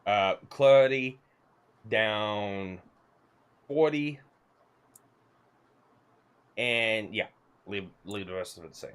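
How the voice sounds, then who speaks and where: Lower male co-host, offhand, casual. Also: slow, pauses often, clear, resonant tone. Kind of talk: casual chat.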